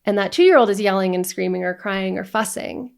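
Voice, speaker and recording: A woman's voice: mid-range voice, brisk, gravelly, smooth. A woman working as a divorce coach, talking straight to camera in an earnest way, often checking in with "right?" and listing feelings one after another. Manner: earnest, repeats "right?" and lists emotions in long runs. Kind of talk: direct-to-camera coaching talk.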